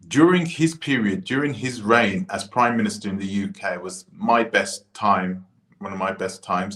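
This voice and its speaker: A man from the United Kingdom giving a casual opinion monologue, animated and full of restarts and asides. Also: lowish voice. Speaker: commentator. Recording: roomy echo.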